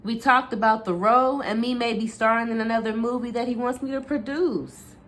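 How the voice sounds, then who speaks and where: A woman's voice: on the high side, fairly even intonation, brisk, fairly bright tone, voice pushed up, lightly acted. A woman reading aloud the lines of a frightened but defiant young woman who pleads, then turns firm and cold. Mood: pleading.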